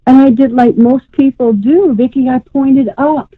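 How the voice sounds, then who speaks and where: A woman's voice: sits high, unhurried, no room sound. A woman psychic medium giving a live reading on a radio call-in show, talking in a rambling way and calling the caller sweetheart. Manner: warm, rambling, uses endearments like sweetheart. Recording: tinny phone line.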